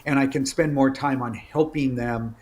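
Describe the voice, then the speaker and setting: A middle-aged man chatting as a guest in an interview, frank and full of stories about his working life. He talks in an easygoing, animated way with asides and restarts, at an ordinary pitch for a man. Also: moderate pace, a little hiss or hum. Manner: candid, storytelling, animated asides. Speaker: executive guest. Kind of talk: casual interview chat.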